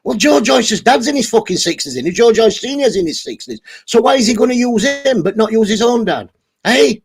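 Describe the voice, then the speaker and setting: A man's voice: extremely high pitch, animated, a little fast, creaky, husky. A man ranting angrily on a livestream, swearing heavily and over-caffeinated. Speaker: channel host reading live chat. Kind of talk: angry livestream rant.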